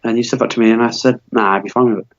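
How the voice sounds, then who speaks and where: Speaking very fast with a steady, medium-pitched voice, a twenty-something podcast co-host stumbles through a silly comedy story full of restarts and filler words. The recording has a dull, lo-fi sound.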